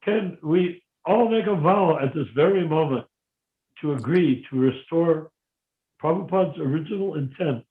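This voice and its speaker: A man's voice: fairly high pitch, normal speed, roomy sound. Older man teaching over a tinny phone line. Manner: animated, acts out dialogue with sudden loud outbursts. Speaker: spiritual teacher leading a devotee meeting. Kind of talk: casual teaching talk over a phone meeting.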